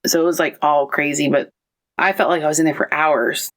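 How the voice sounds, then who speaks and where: Fast-talking low-voiced woman guest. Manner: animated, acts out quoted voices. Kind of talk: casual storytelling interview.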